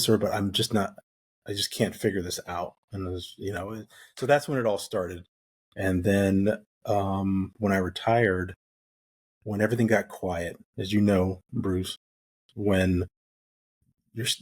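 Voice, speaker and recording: A man's voice: lowish voice, slightly rough. A middle-aged man from the United States, a guest on an interview, telling his story casually and acting out the dialogue he quotes. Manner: animated storyteller who acts out quoted dialogue. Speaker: guest, retired Navy SEAL.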